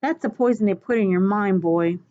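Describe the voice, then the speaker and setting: A woman reading aloud, voicing a menacing grown man who is a cold-eyed killer father, quiet and controlled. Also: mid-range voice, fairly quick, highs cut off, natural voice. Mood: cold menace. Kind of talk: storybook read-aloud.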